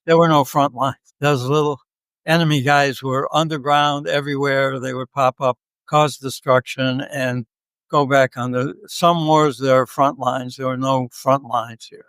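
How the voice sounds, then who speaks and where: A man in his seventies talks as a podcast guest, easygoing and quick to joke. He tells his stories at a middle pitch. The recording is dry, with no room sound. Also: fairly even intonation, a bit bright, clear, resonant tone, dry recording. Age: 70s. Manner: joking, easygoing. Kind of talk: casual interview storytelling.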